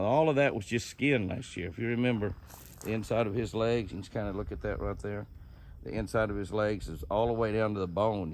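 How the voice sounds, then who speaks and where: A man's voice: lowish voice, slight background noise. An older man with a folksy drawl, narrating a casual outdoor vlog from the woods on his ranch and talking to the animals as well as to viewers. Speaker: ranch owner and outdoor show host.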